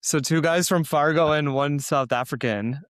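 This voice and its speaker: A man's voice: fairly high pitch, moderate pace, no room sound, clean studio sound. A man hosting a podcast who jokes and teases his guests. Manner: playful, teasing. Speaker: podcast host. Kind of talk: casual podcast conversation.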